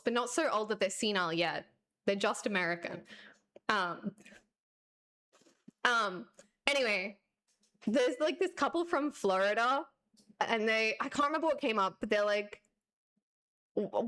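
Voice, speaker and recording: Woman streamer, young, higher-pitched; casual, sarcastic storytelling rant. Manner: sarcastic, animated, laughs often.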